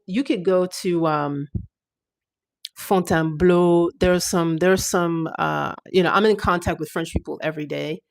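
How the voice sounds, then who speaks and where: A woman chatting casually on a livestream, animated, with quick asides. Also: on the low side, creaky. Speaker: livestream host. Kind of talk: casual live chat.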